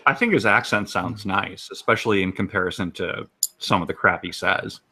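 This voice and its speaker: A man's voice: low voice, normal speed, pushed and bright. A man in casual chat making dry, wry remarks. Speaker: podcast panelist.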